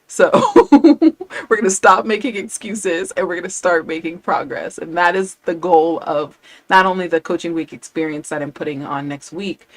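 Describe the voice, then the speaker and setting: A woman's voice: on the low side, dry recording. Chatty, upbeat woman language coach. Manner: chatty, enthusiastic, quotes her students. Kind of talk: casual live-stream talk.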